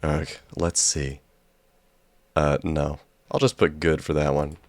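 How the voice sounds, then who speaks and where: A man's voice: rumbling low, level tone, takes it slowly, dry recording. A man giving jokey, sarcastic let's play commentary as a gaming YouTuber.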